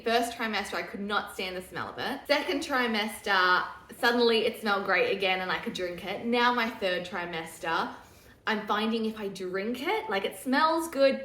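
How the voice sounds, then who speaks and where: Chatty young woman in an echoey room. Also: medium pitch. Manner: chatty, candid, laughs easily, drops to a hushed voice for quoted asides. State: pregnant. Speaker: vlogger. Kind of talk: casual pregnancy update chat.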